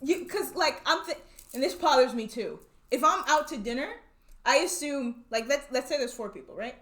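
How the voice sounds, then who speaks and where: Lively playful woman co-hosting a podcast. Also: high voice, moderate pace. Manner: animated, laughs often, playful outbursts. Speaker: podcast co-host. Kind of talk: casual chat.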